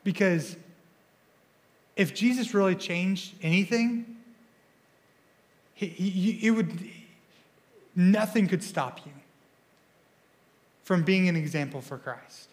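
A young man preaching a sermon as a student pastor in a church, energetic and excitable, often stumbling and repeating words as he speaks. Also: high-pitched, slow pace, long pauses.

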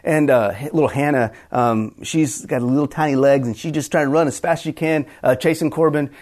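A middle-aged man preaches with earnest conviction and often stumbles back over his words to restart a thought. His voice sits at an ordinary middle pitch for a man. The delivery is a sermon, not chat. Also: fairly even intonation, a little fast, a little mellow. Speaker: pastor.

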